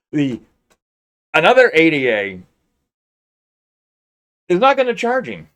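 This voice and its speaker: A man's voice: fairly high pitch, wildly swooping pitch, slow pace, a bit bright, clear, resonant tone. A man giving sarcastic, incredulous commentary on a crime case, talking close to a mic. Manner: sarcastic, incredulous, laughs often. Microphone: close mic, peaking.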